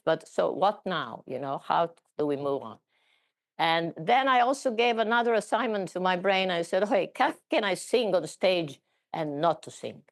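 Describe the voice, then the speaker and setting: A middle-aged woman telling her personal story in a conversational talk, often halting and repeating words. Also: lowish voice.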